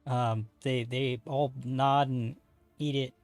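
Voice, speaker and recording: A man running a tabletop game as game master, narrating with frequent ums and pauses. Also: medium pitch, fairly even intonation, a little mellow, dry recording, soft background music. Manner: hesitant, filler-heavy narration.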